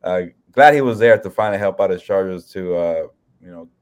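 A man co-hosting a sports podcast who gives measured, plain-spoken analysis with lots of "uh" fillers. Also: sits low, clean tone. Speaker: podcast co-host.

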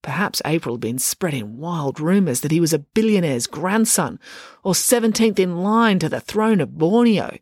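Expressive woman narrating a children's story. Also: fairly low pitch, moderate pace, dry recording, clean studio sound. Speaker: narrator, author. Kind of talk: scripted children's audiobook narration.

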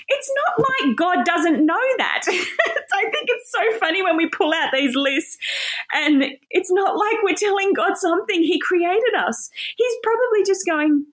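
Animated woman preaching. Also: very high-pitched, unhurried. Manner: animated, self-deprecating, laughs often. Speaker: Bible teacher. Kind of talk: casual sermon.

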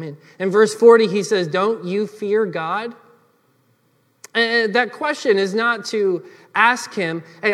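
A man's voice: high-pitched, fairly bright tone. A male pastor preaching a sermon in an earnest, explanatory way, speaking directly to the congregation. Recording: long hall reverb.

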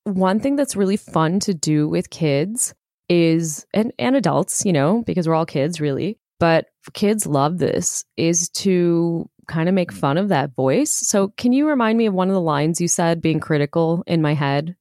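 A woman explaining self-compassion techniques in a relaxed, earnest conversation, laughing now and then. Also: on the low side, unhurried, no echo, studio quality.

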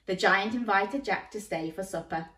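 A woman reading a children's story aloud, animated and inviting listeners to join in, a little away from the mic in a roomy space. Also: mid-range voice, moderate pace. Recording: roomy, slightly distant mic.

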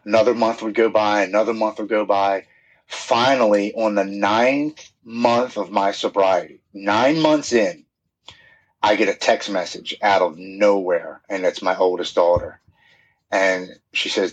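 A man's voice: fairly low pitch, fairly even intonation, a little slow, slightly rough, dull audio. A middle-aged man, a podcast guest, telling his recovery story in an earnest, heartfelt way, sometimes repeating words when moved.

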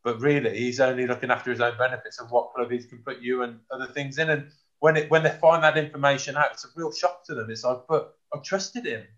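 A man's voice: mid-range voice, flat delivery, fast, a bit bright. A man, talking frankly in a casual chat as a former rugby player. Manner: blunt, frank, says mate often. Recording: dull lo-fi sound.

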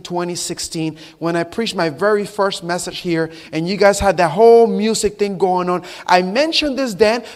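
A pastor in his forties preaching a sermon to a church congregation. He speaks emphatically, quizzes the congregation on the verses, and rises to shouts. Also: extremely high pitch. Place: church service.

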